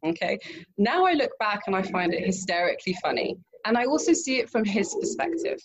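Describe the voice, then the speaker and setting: A woman guest in an interview, telling a lively anecdote and acting out what people said, laughing often. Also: medium pitch, fairly quick, slightly rough, low-quality recording. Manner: animated anecdote with acted-out quotes, laughs often. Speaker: guest, romance event planner. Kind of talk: storytelling in an interview.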